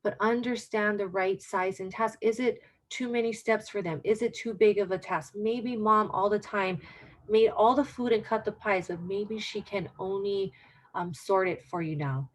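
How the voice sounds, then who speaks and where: A woman's voice: medium pitch, moderate pace. A middle-aged woman giving an informal caregiver presentation on dementia care, earnest and repeating her key points for emphasis.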